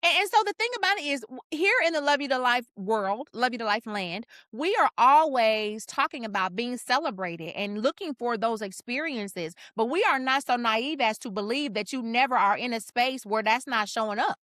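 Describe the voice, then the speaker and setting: Bright-voiced woman, animated podcast storyteller. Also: normal speed, hardly any pauses, no echo, studio quality. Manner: animated, expressive, jumps in pitch for emphasis. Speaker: podcast co-host. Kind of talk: casual conversational storytelling.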